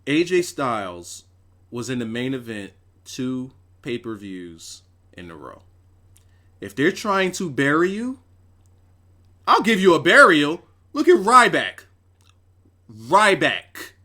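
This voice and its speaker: A young man hosting a casual, profane, animated wrestling review livestream, repeating himself for emphasis. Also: on the high side, takes it slowly, long pauses. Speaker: wrestling show reviewer, host.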